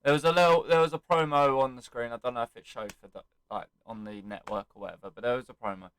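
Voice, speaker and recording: A man's voice: medium pitch, fairly even intonation, fast, a bit bright, clear, resonant tone, rough recording. A young man recapping an event he attended, telling it animatedly and acting out the quotes and chants. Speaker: wrestling fan vlogger. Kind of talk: excited casual recap.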